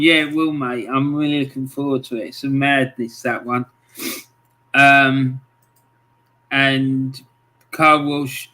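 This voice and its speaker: A man's voice: fairly high pitch, sharp tone. A man hosting a casual livestream, chatting in a friendly way and greeting viewers with lots of ums. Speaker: livestream host. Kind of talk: casual livestream chat, reading out viewer comments.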